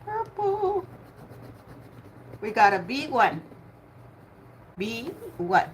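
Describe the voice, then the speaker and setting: Her fairly high, fairly bright voice is animated, and she takes things slowly as she hosts a casual bingo livestream. The older woman chats, laughs frequently and calls out to viewers by name, over a slight hiss or hum.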